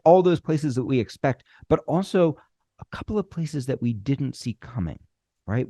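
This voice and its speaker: A middle-aged man gives an instructional talk on screenwriting in a medium-pitched, lively, swooping voice with a gravelly edge. He's animated, using deliberate pauses and acting out bits of dialogue. The recording is dry and close with no room sound.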